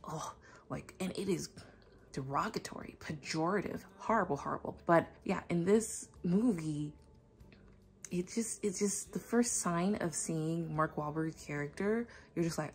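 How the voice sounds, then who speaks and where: A woman's voice: on the low side, normal speed. A woman vlogger chatting to camera at home in a rambling, enthusiastic way. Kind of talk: casual chat to camera. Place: at home indoors.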